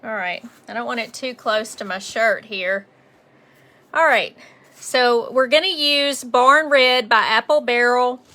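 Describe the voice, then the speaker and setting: A woman's voice: on the high side, measured pace, pushed and bright. A woman with a Southern accent leading a casual live painting lesson. She chats along and greets viewers by name. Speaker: painting instructor on a livestream. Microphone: phone on a mount.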